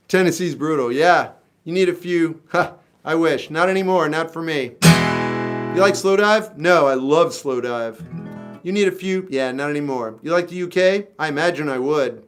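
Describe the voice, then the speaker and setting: A man in his forties from South Florida, casually chatting and answering viewers' questions on a music livestream, wry and laid-back. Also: fairly high pitch.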